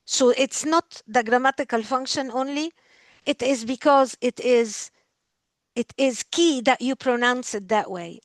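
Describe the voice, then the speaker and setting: A woman's voice: sits high, unhurried, no echo. A woman teaching a class in English, explaining patiently and repeating words aloud for drill. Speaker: Arabic language professor. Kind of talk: recorded lecture.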